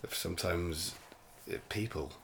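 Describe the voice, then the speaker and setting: Deep-voiced man with dry quips. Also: unhurried, a bit bright, slight background noise. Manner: dry, low-key quips. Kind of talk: casual chat.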